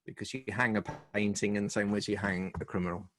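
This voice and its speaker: A middle-aged British man, a humor and speaking coach, telling lively stories with quick asides in a casual video-call interview. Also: on the low side, slight background noise. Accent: British English. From Britain.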